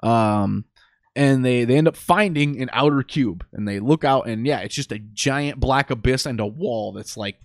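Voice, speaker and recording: A man's voice: medium pitch, moderate pace, no echo, studio quality. Man retelling a movie plot, cursing freely. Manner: profane, rambling storytelling. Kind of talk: casual movie recap chat.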